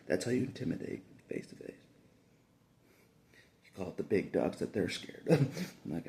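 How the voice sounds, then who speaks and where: A man's voice: deep voice, very animated, normal speed, gravelly, pauses often, dark tone. A man talking in a casual rambling monologue, chuckling through his sentences and repeating himself. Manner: repeats phrases, restarts often. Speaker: vlogger.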